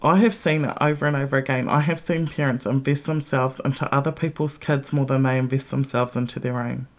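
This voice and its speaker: A woman's voice: rumbling low, fairly even intonation, a little fast. A middle-aged woman hosting a podcast, ranting bluntly with heavy swearing and strong emphasis. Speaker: podcast host. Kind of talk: casual ranting monologue.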